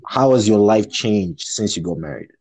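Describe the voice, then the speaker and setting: A man interviewing a friend in a casual chat, asking questions in a relaxed, slangy way. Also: fairly low pitch, moderate pace.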